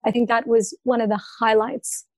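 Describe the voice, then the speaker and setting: A young Australian woman speaking as a podcast guest, earnest and passionate, quick to laugh. Her voice sits a little high. The sound is dry and close, with no room around it. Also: level tone, dry recording. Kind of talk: casual interview chat.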